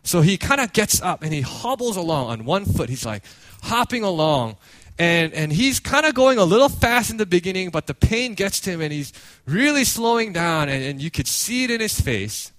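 Animated, high-voiced man preaching. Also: moderate pace, dry recording. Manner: animated storytelling with many restarts. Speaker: pastor. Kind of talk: sermon.

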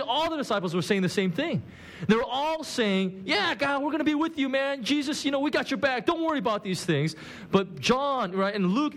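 A man delivers a sermon in a loose, conversational style, his voice sitting somewhat high for a man. He acts out the quoted lines with big swings in his voice as he talks. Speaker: pastor.

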